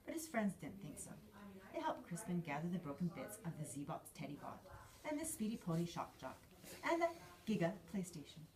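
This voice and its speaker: A woman's voice: lowish voice, normal speed, a crowd in the background. A woman reading a children's story aloud, acting out each character as she goes. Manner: lively, acts out each character. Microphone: filmed on a handheld camera.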